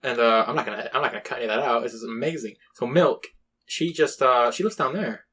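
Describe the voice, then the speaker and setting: A man's voice: medium pitch, fast talker, pushed and bright, slightly rough. A young man hosting a podcast, telling rambling, laid-back stories in a casual chat. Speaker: podcast host.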